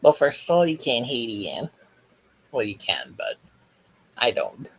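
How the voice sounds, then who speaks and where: A man hosts a casual crochet livestream from home, reading chat messages aloud and joking with viewers as he stitches. His voice is gravelly and a little husky, sitting at an ordinary middle pitch. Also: very animated, unhurried, fairly bright tone, poor audio. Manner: chatty, jokey, reads chat aloud while crocheting.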